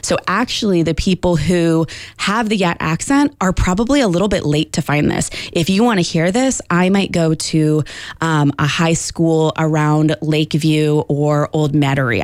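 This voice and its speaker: A woman linguistics professor explaining at length in a radio interview, with thoughtful pauses and fillers. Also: low-pitched, dry recording.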